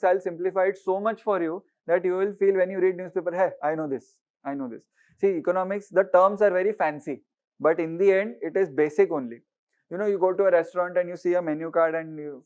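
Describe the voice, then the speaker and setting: A man's voice: fairly high pitch, darkish tone, muffled recording. A man with an Indian English accent teaching an exam-prep economics lecture, explaining through everyday market stories and slipping Hindi words in. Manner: mixes Hindi words into English, asks "right?" often.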